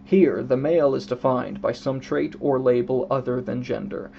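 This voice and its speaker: A man with a gravelly, fry-edged voice talks through a book review at an easy pace, reading quotes aloud and calling out each emphasis. The recording is dull and lo-fi, with a faint hum underneath. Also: mid-range voice, dark tone. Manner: unhurried, explanatory, with restarts. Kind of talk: casual spoken book review. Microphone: own camera setup.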